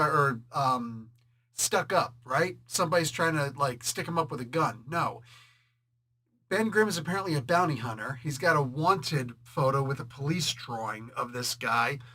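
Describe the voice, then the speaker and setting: A man talks through a comic book review in a casual, joking way, laughing often and playing out characters' lines in quick voices. His voice sits a bit high and sounds bright and forceful. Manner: animated and jokey, laughs often, does quick voices when quoting.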